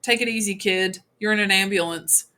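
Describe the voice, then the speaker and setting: A woman voicing a calm grown man who soothes a hurt boy, in an audiobook reading. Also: medium pitch, normal speed, lightly acted. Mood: soothing.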